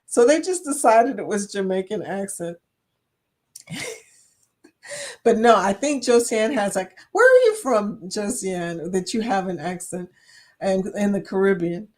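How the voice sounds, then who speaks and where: A woman from Chicago with a mid-range, darkish voice hosts a casual livestream chat, reading viewers' comments aloud and laughing often. She talks a little slowly and pauses frequently.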